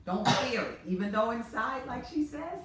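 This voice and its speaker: A woman's voice: a little high, animated, normal speed, fairly bright tone, a little hiss or hum. A middle-aged woman, a guest in a casual chat, talking in an earnest, reflective way. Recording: echoey room, mic far off.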